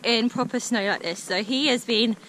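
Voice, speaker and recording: A woman's voice: a little high, normal speed, fairly bright tone. Bubbly young woman vlogging outdoors. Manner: bubbly and chatty, laughs easily. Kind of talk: casual vlog chat. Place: outdoors in snow. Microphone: action camera. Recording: noisy outdoor camera audio.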